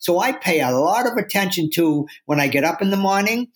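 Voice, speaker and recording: Earnest man, fairly high voice. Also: animated, fairly quick. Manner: earnest, acts out inner voices. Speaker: guest author. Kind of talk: reflective interview talk.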